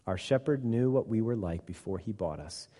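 A man reading as a wise, gentle storybook sheep. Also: lowish voice, moderate pace, husky, in a large hall. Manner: quiet, calm storybook reading. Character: gentle wise male sheep, patient teacher.

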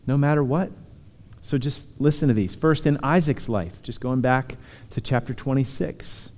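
A man's voice: medium pitch, normal speed, darkish tone. A man preaching a sermon, earnestly reassuring his listeners and reading scripture aloud. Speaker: pastor. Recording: hall reverb.

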